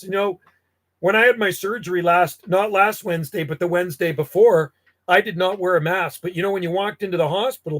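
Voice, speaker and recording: A middle-aged man ranting bluntly in casual talk, grumbling and swearing as he tells stories. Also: high-pitched. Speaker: radio hobbyist livestream host. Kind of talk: casual rant.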